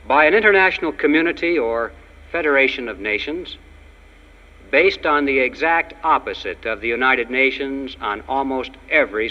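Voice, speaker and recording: A man giving an emphatic, ironic political speech to an audience, with jokes. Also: medium pitch. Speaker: public speaker. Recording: dull lo-fi archive recording of a speech in a long-reverb hall.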